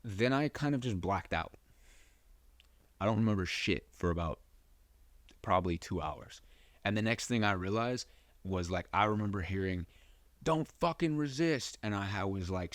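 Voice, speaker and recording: A man's voice: deep voice, dry recording. A young man hosting a podcast, telling a personal story in a loose, rambling way, swearing freely and full of fillers. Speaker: podcast host. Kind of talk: casual storytelling.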